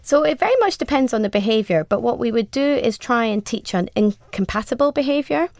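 A woman who is a cat behaviour expert, calmly explaining training in an interview, step by step with examples. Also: fairly high pitch, fairly quick, no room sound, studio quality.

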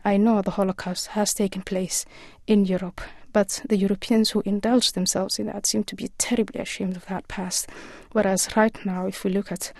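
A woman guest in a radio interview, speaking earnestly and in a measured way with frequent pauses. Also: mid-range voice, darkish tone, no room sound, studio quality. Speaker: author and guest.

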